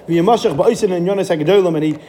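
A man giving a Torah class, animated, with rhetorical questions and frequent restarts. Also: sits high, fast talker, a little hiss or hum. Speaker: Torah teacher.

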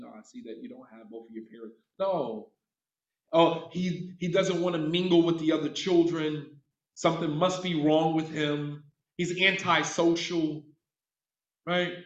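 A man's voice: sits high, fairly bright tone, far from the mic. Man, emphatic lecturer, Arabic recitation and translation, echoey room. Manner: passionate, emphatic, call-and-response asides. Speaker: religious teacher. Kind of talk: Islamic lecture, conversational. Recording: echoey, slightly dull room recording.

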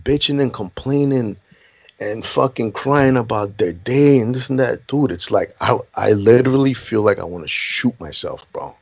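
Profane, husky-voiced veteran man telling stories. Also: mid-range voice, moderate pace. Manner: profane, animated storyteller, says bro and man a lot. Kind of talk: casual chat, storytelling.

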